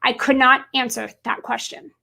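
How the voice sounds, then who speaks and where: A woman with a high, bright voice and a gravelly edge gives a motivational talk straight to camera. She speaks as a business coach, emphatic and repetitive, driving her points home and calling her viewers guys. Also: flat delivery, normal speed.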